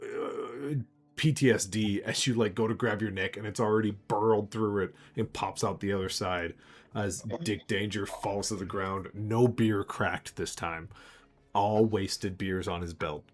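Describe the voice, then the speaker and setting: A man's voice: on the low side, steady tone, a little slow. A man narrating a tabletop game as game master, playful and laughing often.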